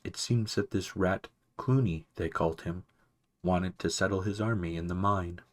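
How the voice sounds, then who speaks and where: A man voicing an ancient male mouse archivist, wise but absent-minded, who talks softly and fussily, barely above a whisper, for a storybook reading. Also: low-pitched, normal speed, lightly acted. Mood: doddering. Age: older. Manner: soft, mumbling, fussy, barely above a whisper.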